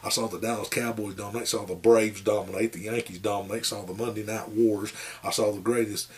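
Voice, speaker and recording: A man's voice: fairly low pitch, steady tone, a little fast. A man, giving a rambling, folksy movie review with lots of fillers. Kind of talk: casual rambling monologue.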